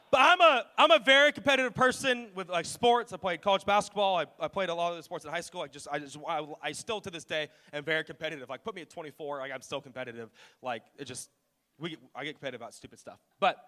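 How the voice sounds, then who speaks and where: Long hall reverb and faint music fill a large church auditorium where a thirties-aged pastor preaches in an expressive, fast voice on the high side, pushed and bright. He keeps it casual and jokey, frequently making himself the target.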